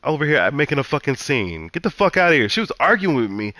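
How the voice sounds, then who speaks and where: A man's voice: a little high, big pitch swings, quick pace, few pauses, bright, forceful tone, no room sound. A man telling a personal story in a heated, profane, repetitive way, venting casually.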